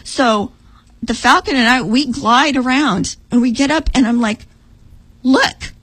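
A middle-aged woman recounts a dream with feeling, her voice a touch high and husky. She acts out what was said, jumping up in pitch for the quotes, in a dry, close sound. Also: moderate pace, no echo, rough recording. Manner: animated, acts out her own lines in a higher voice. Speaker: guest telling a dream. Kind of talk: emotional storytelling.

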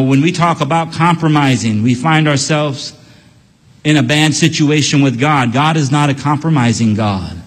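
A man's voice: fairly high pitch, big-room sound. A man preaching a sermon in an earnest, emphatic way, repeating key phrases and telling a story.

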